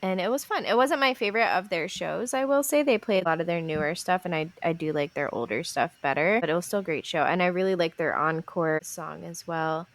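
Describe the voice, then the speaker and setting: A woman's voice: lowish voice, a little fast, hardly any pauses. A young woman co-hosting a podcast, telling stories in a casual chat, acting out quotes with a laugh. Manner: animated storytelling, acting out quotes, laughs often. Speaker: podcast co-host.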